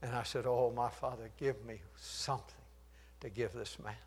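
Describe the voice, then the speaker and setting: An older man preaching a sermon, swinging from loud, shouted declarations to hushed storytelling and chuckling at his own jokes. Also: mid-range voice, fairly even intonation, normal speed, husky.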